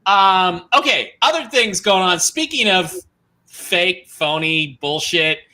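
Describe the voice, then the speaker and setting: A man's voice: high voice, animated, takes it slowly, pushed and bright. Blunt, profane male talk-show host. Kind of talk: casual political chat.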